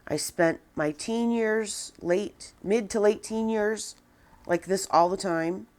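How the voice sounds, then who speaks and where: A woman in her forties talking to a camera, venting in a halting, downcast way with many restarts. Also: medium pitch, darkish tone. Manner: subdued and downcast. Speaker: vlogger. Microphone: camera with a person filming.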